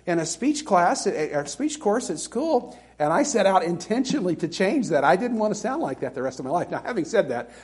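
A middle-aged pastor from Alabama preaches in a loose, conversational way and pokes fun at himself. His voice sits fairly high for a man. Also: a little mellow. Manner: conversational, self-deprecating, with laughing asides. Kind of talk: sermon.

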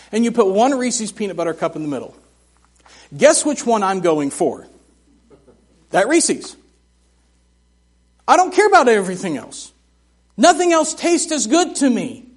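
A middle-aged man preaching a sermon in a church, telling folksy, humorous stories in an animated way. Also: very high-pitched. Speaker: missionary preacher. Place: church sanctuary.

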